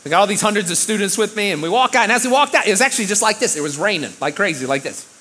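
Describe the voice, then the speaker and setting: A man preaching a sermon, telling a story in an animated way, loud one moment and quiet the next. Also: high-pitched, racing, breathy edge. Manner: animated, with big swings of loudness. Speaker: pastor.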